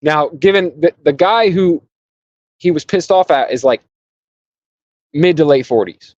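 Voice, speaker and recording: A man co-hosting a casual podcast, talking freely and acting out angry people in quick quotes. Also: a little high, animated, a little mellow, no echo. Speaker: podcast co-host. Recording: dry, dull lo-fi sound.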